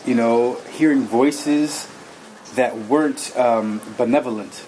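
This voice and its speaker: A man tells his own story in an earnest, rambling way, stopping often for fillers and restarts. His voice sits at an ordinary middle pitch. A faint noise hums under the recording. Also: takes it slowly, dark tone, poor audio. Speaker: guest telling his story. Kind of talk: personal testimony.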